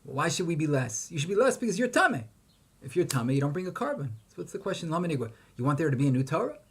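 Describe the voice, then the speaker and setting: Man, Torah lecture, emphatic questioning, chanted verses, somewhat high voice. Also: big pitch swings, rapid-fire, slightly rough. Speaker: rabbi teaching Torah.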